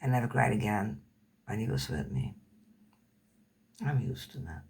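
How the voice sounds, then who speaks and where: A woman's voice: very deep voice, animated, normal speed, gravelly, darkish tone, a little hiss or hum. A woman whose first language is Dutch, telling a personal story in English in a candid, rambling way, swearing casually and searching for words.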